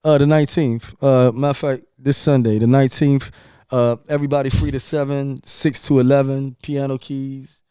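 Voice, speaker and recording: Podcast guest, male, brash and profane, mellow tone but clear and crisp, dry sound. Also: medium pitch, level tone, moderate pace, no echo. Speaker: podcast guest, music promoter. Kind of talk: casual podcast chat.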